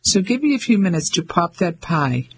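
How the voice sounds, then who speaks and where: A spirited English woman, frank and dryly witty, as a male narrator voices her with a lifted pitch. Brisk storybook dialogue. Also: big pitch swings, breathy edge, exaggerated voice, low-quality recording.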